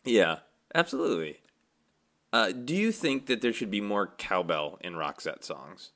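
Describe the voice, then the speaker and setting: Man podcast host, lowish voice, dry jokey questions, casual chat. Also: big pitch swings, measured pace, a bit bright. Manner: wry, joking questions.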